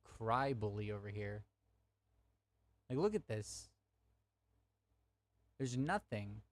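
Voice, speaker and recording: A man's voice: on the low side, expressive, slow pace, no echo. A young man streaming a heated debate, arguing angrily with his chat and swearing often. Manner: angry, profane, talks to chat.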